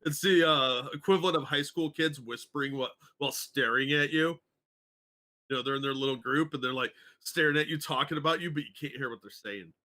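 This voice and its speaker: A man's voice: on the high side, fairly quick, pushed and bright. A man co-hosting a casual livestream chat, blunt and dismissive.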